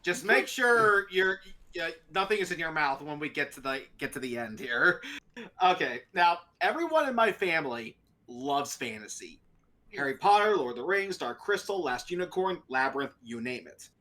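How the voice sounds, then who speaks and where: A talk show host telling a story in a casual, animated way and laughing often. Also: mid-range voice, normal speed.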